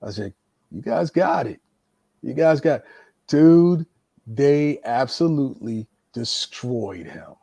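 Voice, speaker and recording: Veteran wrestler guy telling road stories, lively, acts out every quote, dry close mic. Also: medium pitch, slow, creaky, husky, dry recording. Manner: animated storyteller, acts out quotes. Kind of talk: casual storytelling chat.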